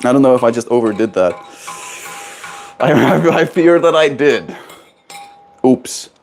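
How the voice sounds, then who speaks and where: A man's voice: mid-range voice, lively intonation, moderate pace, a little mellow, faint music behind. A man live-streaming from home in a playful, silly way, chatting casually and answering viewers' comments. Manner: playful, silly, reads chat aloud. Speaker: livestreamer.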